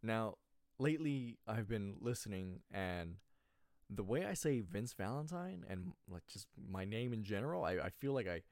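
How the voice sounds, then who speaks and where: A man's voice: on the low side, big pitch swings, moderate pace, a little mellow, no room sound, studio quality. A man from California hosting a small solo podcast, rambling and correcting himself, with slightly slurred, lazy speech. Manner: rambling, self-correcting, slurs words. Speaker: podcast host. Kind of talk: casual solo podcast monologue.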